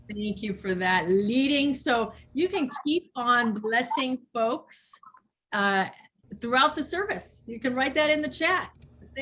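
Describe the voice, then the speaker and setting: A woman's voice: a little high, lively intonation, a little slow, fairly bright tone, a little hiss or hum. A woman pastor speaking at an online church service over a video call, encouraging and repeating her phrases.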